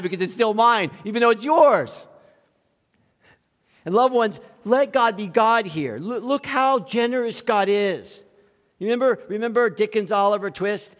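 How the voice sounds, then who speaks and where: A male pastor preaching an animated sermon, acting out quoted voices and chuckling between points. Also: high voice, normal speed. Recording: long hall reverb.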